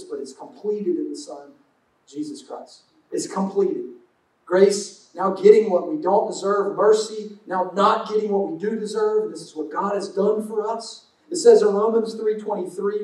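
A man's voice: sits high, dark tone, far from the mic. A man preaching a sermon as pastor, conversational and jokey, acting out little everyday exchanges. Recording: roomy sound from off mic.

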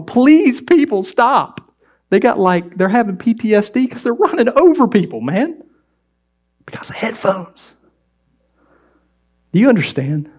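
A man's voice: sits high, darkish tone. A man preaching a sermon in a conversational, humorous way, telling stories and asking the audience questions. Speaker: pastor.

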